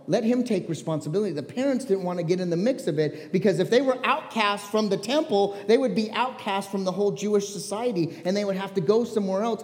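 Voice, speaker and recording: A male pastor preaching a sermon, animated and storytelling, joking with the congregation. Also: high voice, long reverb tail.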